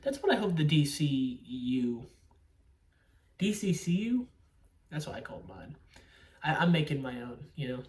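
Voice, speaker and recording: A man's voice: fairly high pitch, very animated, unhurried, pauses often, a little mellow. A man giving a casual, rambling movie review, swearing often and stressing his opinions. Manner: profane, rambling, emphatic. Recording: echoey room, distant from mic.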